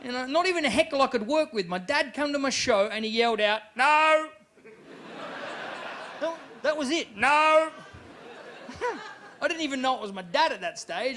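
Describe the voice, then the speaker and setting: An Australian man in his thirties doing live stand-up comedy, animated and quick to jump into loud character voices. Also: sits high, slight background noise. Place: comedy club stage.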